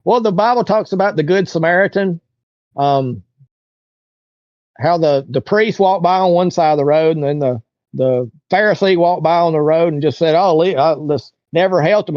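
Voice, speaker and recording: Rambling storyteller, somewhat high male voice. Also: normal speed, darkish tone, no room sound, lo-fi sound. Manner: rambling, colloquial, acts out others' lines. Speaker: interview guest. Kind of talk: casual storytelling.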